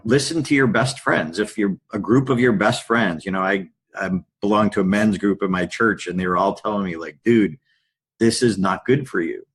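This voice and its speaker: A middle-aged man, a podcast guest and public speaker, telling candid stories in a lively anecdotal way. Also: on the low side, slightly rough. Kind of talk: storytelling in a podcast interview.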